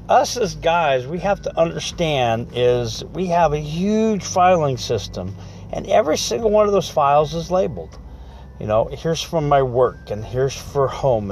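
A man's voice: fairly high pitch, darkish tone. A middle-aged man talking casually about his home life, acting out both sides of everyday conversations. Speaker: husband talking about marriage. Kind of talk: casual monologue.

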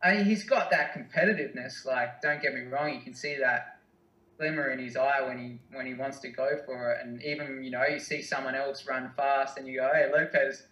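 A young Australian man answering interview questions in a hesitant, halting, self-deprecating way. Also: medium pitch, steady tone, pushed and bright. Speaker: guest, distance runner. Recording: roomy, mic at a distance.

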